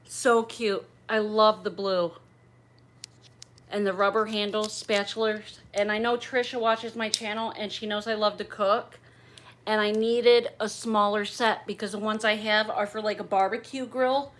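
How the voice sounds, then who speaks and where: A woman's voice: mid-range voice, little pitch movement, measured pace, a bit bright. A middle-aged woman chatting on a livestream as she opens gifts, gushing, bubbly and a little raunchy. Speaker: livestream host opening gifts.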